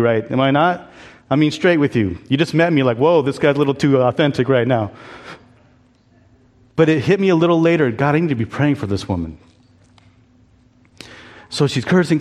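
A man's voice: fairly high pitch, a little mellow, long reverb tail. A man preaching a sermon as a pastor, candid and conversational, asking the congregation to answer back. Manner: candid, conversational preaching with audience call-and-response. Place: church.

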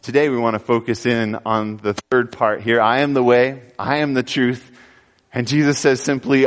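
Guy preaching a sermon, earnest, pushes up hard then drops soft, church hall reverb on him. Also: mid-range voice, level tone, normal speed. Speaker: pastor.

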